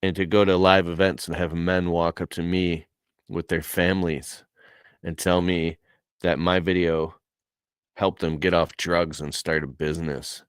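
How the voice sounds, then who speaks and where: A man's voice: low voice, little pitch movement, measured pace, clean tone, no echo. A man telling a personal story in a casual, heartfelt way, earnest and emotional, with casual slang.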